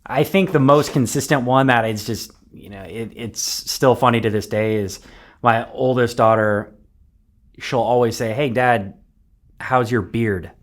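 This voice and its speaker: A man in his thirties, a podcast guest, chatting casually in a soft-spoken, reflective way that often trails off quietly. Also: medium pitch, normal speed. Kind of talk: casual interview chat.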